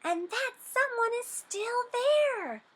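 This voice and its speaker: A woman voicing a tiny young bear cub in a storybook, squeaky and upset. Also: animated, slow, fairly bright tone, heavily acted.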